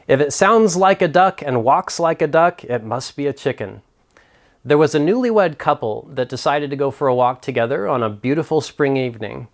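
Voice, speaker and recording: A man hosting a mental health video, narrating a story and reflecting earnestly in a scripted delivery. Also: a little high.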